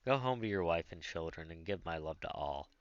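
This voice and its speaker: A man's voice: deep voice, expressive, fairly quick, clean tone, dry recording. A man doing a wry, moody wealthy master. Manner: dry and wry. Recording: dull lo-fi dry recording.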